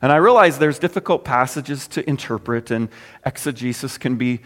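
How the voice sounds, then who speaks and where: A man preaching a sermon in a conversational way, his voice dropping low and soft at the ends of phrases. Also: normal speed, in a large hall. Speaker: pastor.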